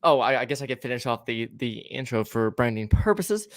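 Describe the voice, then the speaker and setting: A man's voice: medium pitch, animated, a little fast, hardly any pauses, no room sound, studio quality. A young man hosting a casual podcast livestream, playful, laughing often and tripping over his words. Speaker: podcast host.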